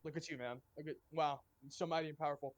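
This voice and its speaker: A man's voice: a little high, fairly even intonation, fast talker, no room sound, lo-fi sound. A man playing a tabletop game, sarcastic and exasperated, swearing a lot. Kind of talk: casual in-character play.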